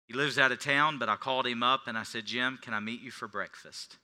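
A middle-aged male pastor preaching a sermon, telling a personal story, swinging from hushed confession to loud preaching. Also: medium pitch, fairly even intonation, a little fast. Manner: confessional storytelling, dropping to near whispers then rising to shouts.

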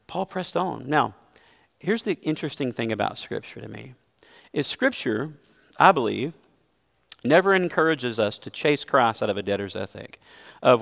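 A man's voice: medium pitch, sing-song, normal speed, vocal fry, a bit bright, big-room sound. A man preaching a sermon as a pastor, earnest and emphatic, mixing scripture with a personal story.

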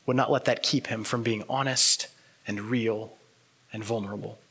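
A man preaching a sermon as pastor, earnest and reflective, pausing often and letting words trail off softly. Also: fairly low pitch, steady tone, breathy edge.

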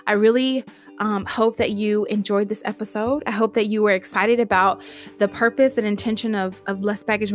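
A woman hosting a motivational podcast monologue. She talks emphatically and repeats herself, piling up words and laughing between lines. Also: medium pitch. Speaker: podcast host.

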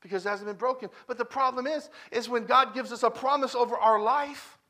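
Here a male guest preacher of roughly thirty to forty-something talks a little fast in a very high-pitched voice. His sermon is conversational and built on personal stories, with emphatic repeated phrases and shifts from loud proclamations to hushed, quiet passages.

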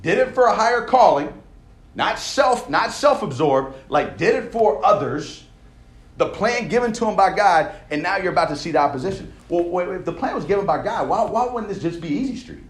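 A man's voice: high voice, animated, moderate pace. A man preaching a sermon in a church auditorium, talking conversationally and checking in with the crowd with "right?" as he builds his points with repeated phrases. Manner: conversational, tags lines with "right?". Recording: echoey room sound.

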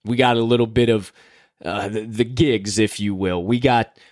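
A man's voice: fairly low pitch, fairly even intonation, normal speed, no echo, clean studio sound. A young man from the Chicago area hosting a sports betting podcast in a casual, upbeat, hype-filled way. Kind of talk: casual chat.

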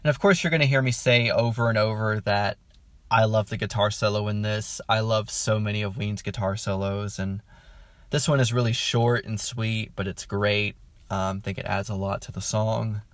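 Lowish-voiced man gushing about music. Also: fairly even intonation, normal speed, a bit bright, dry recording. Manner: enthusiastic, rambling, lots of "um"; chuckles mid-sentence. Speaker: music reviewer. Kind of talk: casual album review.

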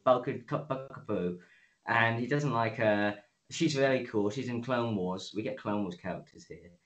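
A man's voice: lowish voice, normal speed, low-quality recording. A man co-hosting a podcast, casually retelling a show's episode with acted-out quotes and frequent swearing. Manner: animated retelling, acts out quotes, swears freely. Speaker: podcast co-host. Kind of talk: casual episode review chat.

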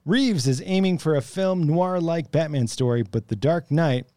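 A man's voice: fairly high pitch, moderate pace, dark tone, no echo. A man co-hosting a casual podcast, joking around and reading film reviews aloud. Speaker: podcast co-host.

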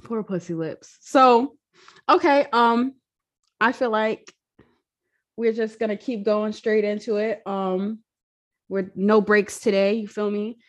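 A woman's voice: medium pitch, fairly even intonation, slow, pauses often, dull audio. A woman hosting a podcast in casual chat, blunt and joking, with some swearing. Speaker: podcast host.

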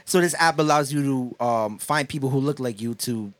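A man's voice: medium pitch, moderate pace, no room sound. A man in casual joking chat with friends, rambling and laughing as he tells stories. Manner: laughing, rambling, animated storytelling.

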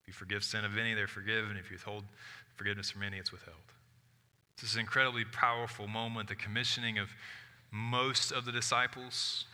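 A man preaching a sermon as pastor, shifting from loud emphatic lines to hushed soft ones, with casual asides. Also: fairly low pitch, little pitch movement, quick pace. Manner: conversational asides with "like". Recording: long hall reverb of a church.

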